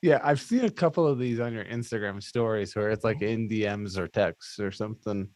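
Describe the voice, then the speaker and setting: A man's voice: fairly low pitch, fairly quick, darkish tone, dry recording. A man hosting a podcast who asks eager questions and laughs easily. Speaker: podcast host. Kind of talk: casual podcast chat.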